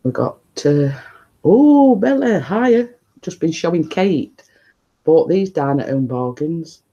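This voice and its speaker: A man chats on a live stream at home, keeping his voice down as he rambles on to viewers. He talks slowly, his tone mellow and unhurried, captured on a phone. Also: on the high side, animated, dull audio. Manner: talking quietly, rambling and chatty. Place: living room at home, indoors.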